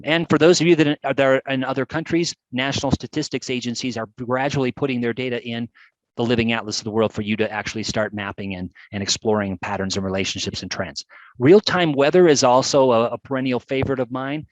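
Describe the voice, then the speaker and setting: A man presenting a live webcast, talking through examples with chatty enthusiasm and lively emphasis. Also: medium pitch, no echo, poor audio.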